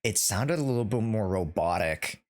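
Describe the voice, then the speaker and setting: A man hosting a casual podcast chat on a headset, talking in a halting way with many restarts. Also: fairly low pitch, animated. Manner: hesitant, many restarts and fillers. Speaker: podcast host.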